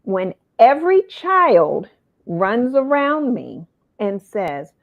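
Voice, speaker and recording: A woman hosting an interview, telling a personal story in a lively way and acting out the voices of the people in it. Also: fairly high pitch, slow. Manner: animated, acts out quoted voices. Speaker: host. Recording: phone-like narrow sound.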